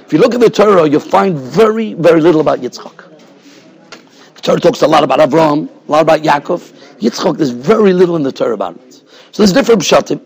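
Husky high-voiced rabbi teaching. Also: male voice, expressive, quick pace, darkish tone. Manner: discursive, explanatory, keeps checking in with "right?". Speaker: rabbi teaching a Torah class. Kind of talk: Torah class lecture. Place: yeshiva study hall.

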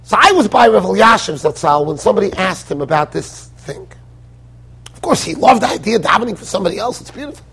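An American man, a rabbi giving a Torah lecture in a yeshiva study hall, animated and full of rhetorical questions. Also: high voice, quick pace, breathy edge. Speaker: rabbi teaching a Torah class.

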